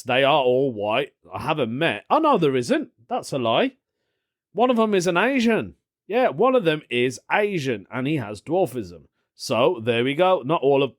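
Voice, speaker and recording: A man's voice: medium pitch, no room sound. Rambling podcast man, dry room. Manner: rambling, self-interrupting, chuckles often. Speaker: podcast host. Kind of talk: casual solo podcast chat.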